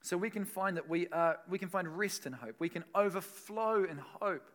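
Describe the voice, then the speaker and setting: A man preaching a sermon as pastor, animated, swinging between soft and loud and laughing between points. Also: sits high.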